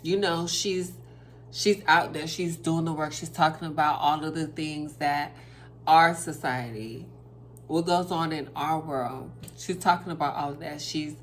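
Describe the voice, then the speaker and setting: A woman's voice: low-pitched, unhurried, slight background noise. A woman vlogging at her dinner table, chatting casually and talking straight to her viewers. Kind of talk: casual chat to camera over dinner.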